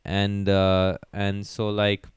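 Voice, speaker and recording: A stand-up comedian co-hosting a casual podcast, telling stories in a laid-back, rambling way. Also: male voice, lowish voice, monotone, slow pace, clean tone, dry recording.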